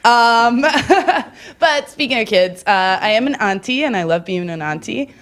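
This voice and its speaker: A woman's voice: expressive, unhurried. Giggly rambling woman doing stand-up. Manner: rambling, giggly, self-mocking storytelling with many fillers; jumps into loud high-pitched acted-out quotes. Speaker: stand-up comedian. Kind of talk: stand-up comedy set. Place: live comedy club stage.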